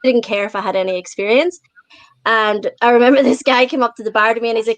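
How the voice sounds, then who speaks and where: A woman with an Irish accent, a guest in a casual interview chat, chatty and quick to laugh as she tells stories. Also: on the high side, steady tone, dry recording. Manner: chatty, laughs often while telling stories.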